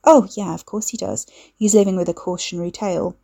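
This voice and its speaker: A woman's voice: lowish voice, steady tone, fairly quick, breathy edge. A woman reading the lines of a needy young woman who turns cold and accusing. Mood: sarcastic. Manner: accusing, sharp, clingy. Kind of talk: audiobook dialogue reading.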